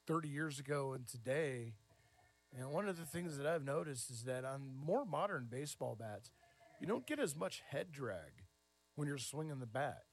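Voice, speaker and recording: A middle-aged man doing baseball play-by-play commentary, easygoing and chatty between pitches, lifting into lively excited calls on big plays. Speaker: play-by-play announcer.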